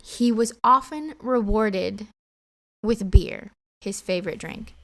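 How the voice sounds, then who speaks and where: A woman co-hosting a casual podcast, telling stories in a lively way and laughing often. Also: medium pitch, takes it slowly. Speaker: podcast co-host. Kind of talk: casual storytelling chat.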